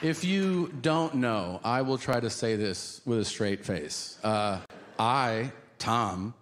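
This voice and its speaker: A man's voice: medium pitch, slow pace, some chatter behind. A man doing a stand-up comedy set, telling stories and acting out the other people in them. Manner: animated storytelling with voiced characters. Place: live comedy venue with audience.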